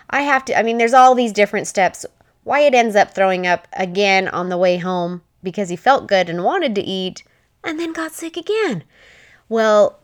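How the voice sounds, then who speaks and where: Heartfelt mother telling a family story. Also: mid-range voice. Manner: heartfelt, rambling, emotional. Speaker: widowed mother vlogging. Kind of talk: casual personal storytelling.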